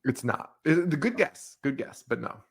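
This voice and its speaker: A man's voice: mid-range voice, expressive, moderate pace, creaky, husky. A man co-hosting a movie podcast in casual chat, joking and laughing often as he recaps scenes. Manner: joking, laughs often, acts out silly quotes. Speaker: podcast co-host.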